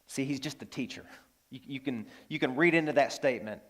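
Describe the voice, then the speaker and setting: A man preaching a sermon as pastor, animated, swinging from loud exclamations to hushed, tender lines. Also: medium pitch, a little fast.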